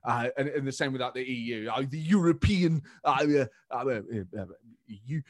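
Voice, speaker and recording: A blustering, chuntering posh politician, as a comedian puts him on, stumbling over words and trailing off. The voice sits a little lower than the performer's own. It is dry and close to the mic. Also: male voice, moderate pace, no echo, lightly acted. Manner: stammering, chuntering, mock incredulous. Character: blustering bumbling posh male politician, impression.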